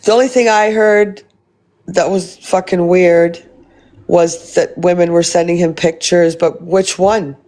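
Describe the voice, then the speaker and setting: A woman's voice: fairly low pitch, fairly even intonation, measured pace, a little mellow. A woman live-streaming, chatting casually with her viewers and reading their comments, blunt and rambling, swearing freely.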